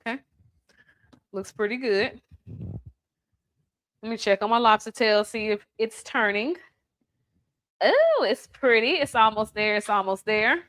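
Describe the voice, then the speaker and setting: A woman's voice: a little high, expressive, a little slow, pauses often, fairly bright tone. A woman hosting a casual home cooking demonstration in her kitchen, chatty and playful, teasing the person filming. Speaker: home cook host.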